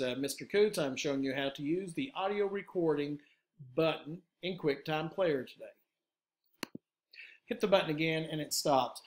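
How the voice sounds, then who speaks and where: A man who is a teacher, giving a patient step-by-step software tutorial to his students, with frequent "uh" fillers. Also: fairly high pitch. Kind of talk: screen-recorded software tutorial.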